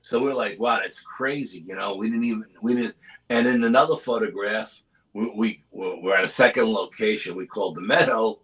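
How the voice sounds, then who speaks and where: A middle-aged man telling a story as a guest in a live interview, animated and often asking "you know?". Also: lowish voice, normal speed, rough recording. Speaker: guest, cryptid investigator.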